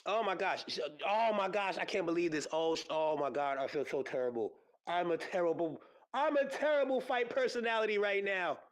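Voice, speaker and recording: A man hosting a podcast, chatting casually and rambling with lots of fillers and excited exclamations. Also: high voice, fairly quick, few pauses. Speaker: podcast host. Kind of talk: casual solo podcast chat about combat sports. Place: podcast studio.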